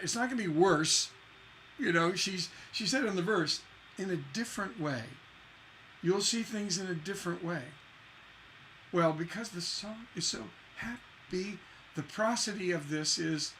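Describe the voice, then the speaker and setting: A man's voice: high-pitched, fairly bright tone, a little hiss or hum. A man giving a songwriting lesson on a livestream. He talks with enthusiasm, repeats phrases for emphasis, asks rhetorical questions and sings out rhythms as "da da da.". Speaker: songwriting instructor.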